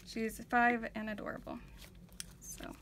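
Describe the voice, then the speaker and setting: A woman tells family stories in a loose, rambling way, full of fillers and restarts, as she works on a painting. Her voice sits a little on the higher side, with a faint room hum underneath. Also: little pitch movement, unhurried, vocal fry, fairly bright tone. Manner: chatty storytelling, many fillers and restarts. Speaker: vlogger, art journaler. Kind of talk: casual chat while painting.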